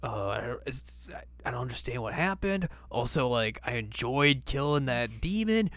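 A man's voice: mid-range voice, big pitch swings, normal speed, fairly bright tone, no echo. A man doing a puzzled young half-demon guy. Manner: casual and confused.

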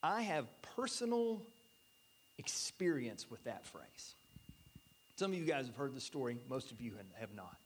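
A man in his thirties preaching a sermon in earnest, often dropping to a soft, near-whispered voice for emphasis. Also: medium pitch, very animated, measured pace, slight background noise. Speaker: pastor. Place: church.

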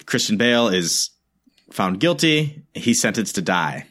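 A man recapping a film to a co-host in casual podcast chat, animated, cursing often and laughing. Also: fairly low pitch, a little slow.

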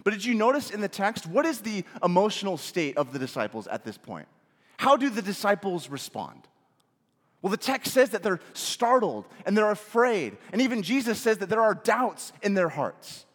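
Man preaching a sermon, voice kinda high, goes loud then real quiet, reverb hanging in the room. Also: sing-song, moderate pace. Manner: rising to emphatic questions, dropping to soft hushed phrases. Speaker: pastor.

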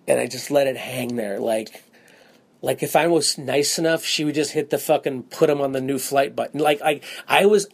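A man hosting his own comedy podcast, telling a long story in a rambling, profane, animated way with quick asides. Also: on the high side, creaky. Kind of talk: casual storytelling monologue.

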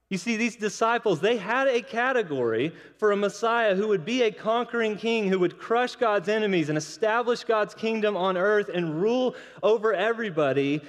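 A man's voice: sits high, long reverb tail. A man preaching a sermon, telling stories with energy and acting out the voices of the people he quotes. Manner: animated storytelling, acts out quoted voices.

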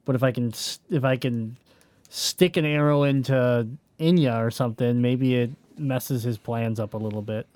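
A man playing in a tabletop game, working through his plans out loud with hesitant pauses. His voice is mid-pitched and the sound is dry and close. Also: fairly even intonation, no room sound. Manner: thinking aloud, hesitant. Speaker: player. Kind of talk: casual tabletop game chat.

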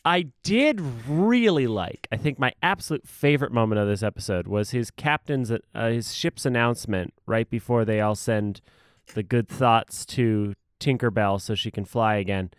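A man's voice: mid-range voice, expressive, normal speed, clean tone, dry recording, studio quality. A young man co-hosting a podcast in casual chat, joking and laughing often. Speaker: podcast co-host.

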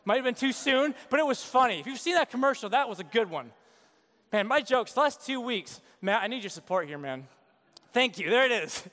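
High-voiced joking male preacher. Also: lively intonation, brisk, sharp tone, big-room sound. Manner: conversational, joking, acts out quotes. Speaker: pastor. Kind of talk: sermon.

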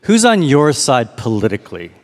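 A man preaching a sermon as pastor, reflective, slowing down to read and linger on lines. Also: mid-range voice, wildly swooping pitch, in a large hall.

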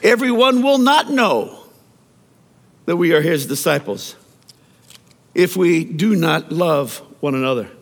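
A high-voiced man preaches with a lively, swooping delivery. He tells stories and often stumbles over repeated words. His voice rings out with a long reverb, as if in a large church sanctuary. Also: takes it slowly, vocal fry, long pauses. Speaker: pastor. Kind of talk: sermon.

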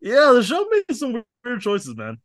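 A man's voice: very high voice, wildly swooping pitch, unhurried, a bit bright. A man co-hosting a podcast, recapping a cartoon episode in laid-back, joking chat with swearing and frequent laughs. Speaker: podcast co-host. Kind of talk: casual comic recap chat.

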